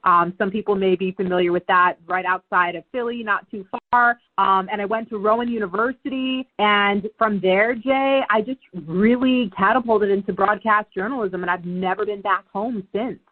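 A woman in her thirties talks as a guest, animated and quick to laugh, with the casual ease of a TV news anchor. Her pitch sits in the middle. It comes over a narrow, phone-like line. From New Jersey, USA. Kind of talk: casual interview chat.

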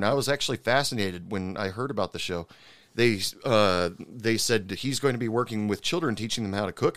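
A man's voice: mid-range voice, fairly bright tone, no echo, studio quality. A man ranting casually about a TV show, frank and profane, with lots of fillers and restarts. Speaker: viewer recapping a TV cooking show.

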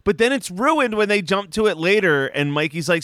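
A man's voice: a little high, expressive, brisk, few pauses, fairly bright tone, smooth, no echo, studio quality. A man co-hosting a podcast, casually and animatedly recapping an episode, swearing and acting out characters' lines. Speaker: podcast co-host.

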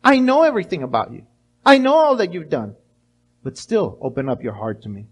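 A middle-aged male pastor preaching a sermon, animated, acting out little voices and restarting his words often. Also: fairly high pitch, a little fast, slightly rough.

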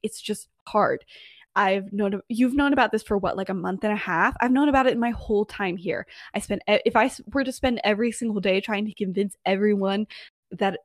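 A woman's voice: mid-range voice, fairly quick, no echo, studio quality, natural voice. A young woman voicing an evasive teenage boy who talks in a hesitant, apologetic way. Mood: defensive.

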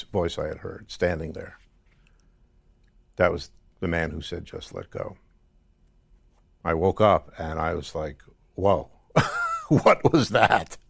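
A deep-voiced man with a gravelly edge speaks as an interview guest, recounting his experiences in a reflective, storytelling way. He often stops and restarts his sentences. The recording is close and dry. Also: a bit bright, no room sound. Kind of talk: conversational interview.

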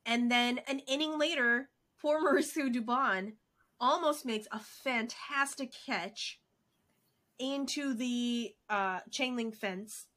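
A woman co-hosting a casual sports podcast, recapping games in an animated, excitable way with lots of fillers. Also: on the high side, slow pace. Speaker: podcast co-host.

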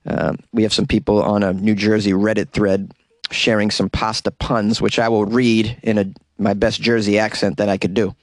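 A man's voice: fairly low pitch, flat delivery, normal speed, dry recording. A man hosting a podcast, giving comic news commentary with wry, joking asides. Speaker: podcast host. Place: closet.

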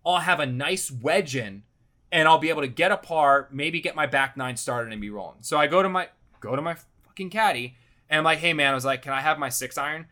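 A man telling a casual anecdote in an animated, rambling way, swearing often and repeating "I'm like". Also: a little high, fairly quick. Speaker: storyteller.

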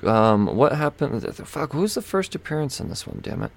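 Rambling gravelly-voiced man podcaster. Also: medium pitch, sing-song, normal speed. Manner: rambling, self-mocking, swears, frequent fillers and laughs. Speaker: podcast host. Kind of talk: casual solo comic-book podcast chat.

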